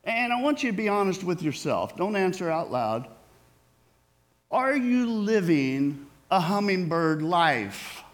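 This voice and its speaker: High-voiced, unhurried male preacher. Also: sing-song. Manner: conversational, asks the audience questions. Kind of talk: sermon.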